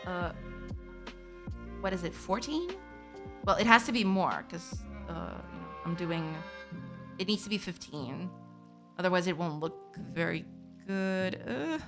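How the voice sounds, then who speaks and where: A woman's voice: fairly low pitch, animated, unhurried, long pauses, over music. A woman from Portugal, a Portuguese native speaker, streaming game development and chatting with viewers, laughing often as she reads chat aloud. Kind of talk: casual live-stream chat.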